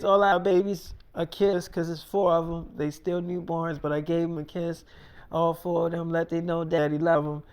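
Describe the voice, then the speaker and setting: A man's voice: high-pitched, a little mellow, smooth. A man telling a long improvised story in a casual, profane way, retelling every exchange as "I'm like, she's like.". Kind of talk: rambling improvised spoken story.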